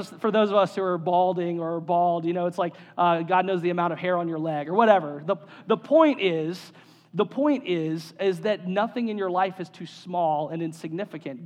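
A man's voice: high-pitched, darkish tone, in a large hall. A male pastor giving an earnest sermon, repeating key phrases for emphasis.

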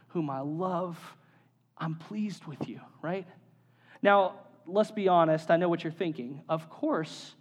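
Earnest pastor with a high voice, echoing hall. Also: male voice. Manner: earnest, repeats key phrases for emphasis. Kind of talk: sermon.

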